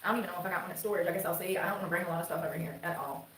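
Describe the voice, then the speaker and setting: A woman's voice: on the low side, very fast, fairly bright tone. A woman with a thick North Carolina twang rambles and chats on a home livestream, cursing freely as she talks. Her voice bounces around a roomy, echoey space, with faint noise underneath. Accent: North Carolina Southern twang. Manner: rambling, chatty, swears freely. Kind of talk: casual livestream chat. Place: indoors at home.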